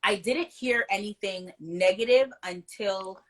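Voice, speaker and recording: A woman's voice: medium pitch, measured pace. A woman guest on a live interview, telling her story casually and animatedly, often asking "right?". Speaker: interview guest, nonprofit founder.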